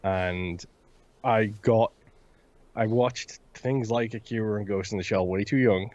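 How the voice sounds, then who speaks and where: Dry, teasing male co-host in his thirties, lowish voice, dull lo-fi recording. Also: fairly even intonation, a little slow, darkish tone, no echo. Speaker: podcast co-host. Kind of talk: casual chat. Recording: dull lo-fi sound.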